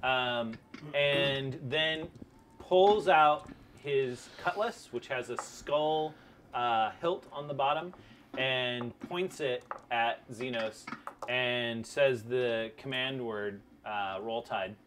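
A man running a tabletop role-playing game as game master, narrating with many pauses and restarts. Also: medium pitch, fairly bright tone, slight background noise. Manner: halting, many ums and restarts.

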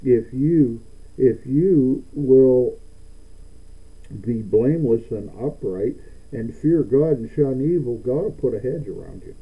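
A man's voice: mid-range voice, animated, slow pace, breathy edge. A man preaching a sermon as pastor, often stammering and repeating words, building to emphatic declarations. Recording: tinny phone-like sound.

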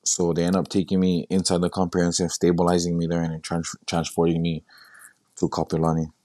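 A young man with a very deep voice recounts his story in a halting, repetitive way and keeps quoting himself. The sound is dry and close, with no room around it. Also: completely flat delivery, warm tone, no echo. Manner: halting, repeats words, quotes himself. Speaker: guest sharing his story. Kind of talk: casual storytelling.

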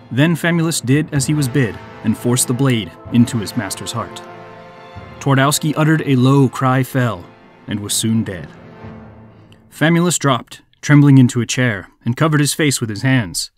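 A man hosting a podcast, reading a folk tale as measured, scripted narration on a close mic. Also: mid-range voice, soft background music. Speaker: podcast host.

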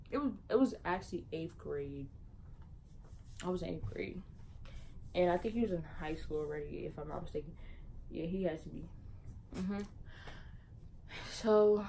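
A young woman with a somewhat low voice tells a story in loose, slangy talk. She jumps to loud, high bursts when she acts out what people said. A faint hiss sits behind her. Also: rough recording. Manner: animated, swings loud and high into laughter and mock voices. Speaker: vlogger. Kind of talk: casual storytime.

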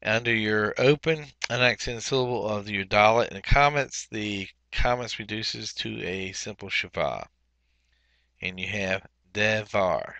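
A man walks through a grammar workbook as a teacher, talking slowly and methodically with frequent pauses. His voice has a bright, forward edge, and the recording is dry with no room sound. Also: on the low side, creaky, no echo. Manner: methodical, pauses often with fillers while explaining. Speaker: Biblical Hebrew teacher. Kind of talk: recorded workbook walkthrough lesson.

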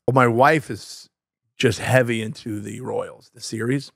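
A man's voice: medium pitch, steady tone, measured pace, gravelly, fairly bright tone, husky, no room sound, clean studio sound. An American man co-hosting a podcast, chatting casually. He rambles, loses words and pokes fun at himself. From United States. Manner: rambling, self-deprecating, searches for words. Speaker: podcast co-host. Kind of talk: casual chat.

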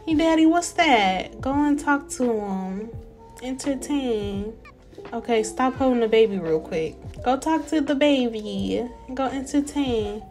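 A young woman giving casual, animated let's-play commentary and talking straight to her viewers. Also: on the high side, unhurried, soft background music. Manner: chatty, animated, talks to viewers as y'all. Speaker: gameplay narrator.

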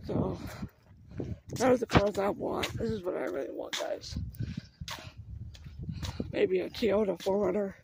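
A man's voice: high-pitched, steady tone, a little slow, creaky, pauses often, very noisy. A man vlogging casually on a walk outdoors, rambling and chatty as he talks straight to his viewers. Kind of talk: casual walking vlog. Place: outdoors on a neighborhood street. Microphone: phone camera held while walking.

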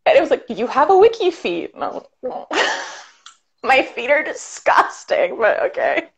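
Her voice is high, gravelly, and husky, swinging widely in pitch. This Ottawa YouTuber chats quickly and casually over a video call, leaning heavily on "like" and other fillers, and the lo-fi sound is dull.

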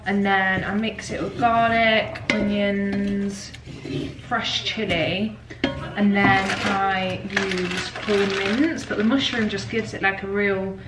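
A woman's voice: medium pitch, steady tone, takes it slowly, loud music behind the voice, rough recording. A young woman chatting casually to camera at home, gushing and rambling with lots of "like"s. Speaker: vlogger. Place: at home, kitchen.

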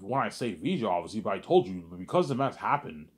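Low-voiced man ranting in a monologue. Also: sing-song, fast talker. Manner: repetitive, profane, agitated ranting. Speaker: vlogger. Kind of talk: rambling personal monologue.

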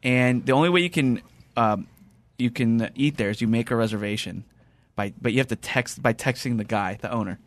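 A mid-pitched man rattles off a rambling story in a relaxed podcast chat. He jumps between restarts and quoted voices at a quick clip. The sound is close and dry. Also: no echo. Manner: rambling, animated, lots of restarts and quoted dialogue. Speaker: podcast host.

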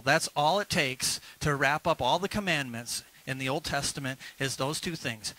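A male pastor delivers a lively sermon at a church service, urging the congregation to repeat phrases after him. He talks at a moderate pace with few pauses in a fairly high voice, and the recording is rough.

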